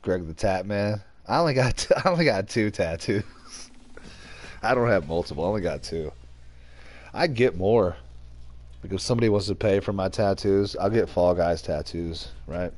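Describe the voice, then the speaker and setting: A man's voice: sits low, lively intonation, normal speed, a little mellow, no echo. A young man giving casual, joking commentary while streaming a game, rambling and snapping at teammates now and then.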